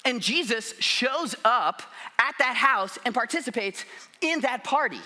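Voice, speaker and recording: A man's voice: very high voice, expressive, a little slow, pushed and bright. A man preaching a sermon in a casual, conversational way, often acting out quotes. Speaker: pastor.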